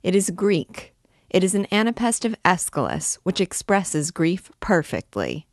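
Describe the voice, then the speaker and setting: A woman's voice: deep voice, unhurried, no echo, studio quality. A woman reading aloud and voicing a coaxing, impudent young male student. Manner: coaxing, then pleading.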